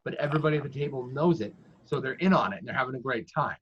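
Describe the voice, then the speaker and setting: A man's voice: medium pitch, very fast, fairly bright tone, slight background noise. A man who works as a professional dungeon master, giving casual, chatty, self-deprecating advice in conversation. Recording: dull lo-fi audio.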